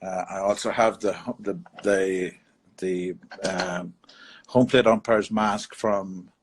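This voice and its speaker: Husky-voiced New York man telling stories. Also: low voice, fairly even intonation. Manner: halting, many restarts and fillers. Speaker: interview guest, bar owner. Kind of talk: casual storytelling chat. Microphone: video call.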